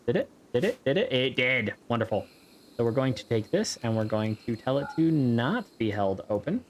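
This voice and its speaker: A man's voice: mid-range voice, sing-song, normal speed, a little hiss or hum. A man giving casual, rambling gameplay commentary, joking around and swearing freely as he plays. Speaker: gameplay video host.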